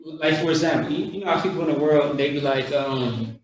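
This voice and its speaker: Guy teaching how to say words, repeats stuff a lot, echoey and far from the mic. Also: a little high. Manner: repetitive, coaching, drawn-out sounds. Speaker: street teacher. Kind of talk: outdoor pronunciation lesson.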